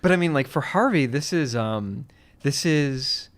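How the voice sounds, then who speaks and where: A man's voice: mid-range voice, expressive, a little slow. A man hosting a podcast in casual chat, rambling with lots of fillers and frequent laughter. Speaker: podcast host.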